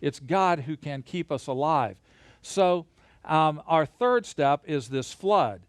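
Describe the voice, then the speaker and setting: Animated man teaching to camera. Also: on the high side, slow pace, clear, resonant tone, no room sound, studio quality. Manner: animated, playful, leads hand motions. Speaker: Bible teacher. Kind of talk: recorded Bible lesson to camera. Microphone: camera mic.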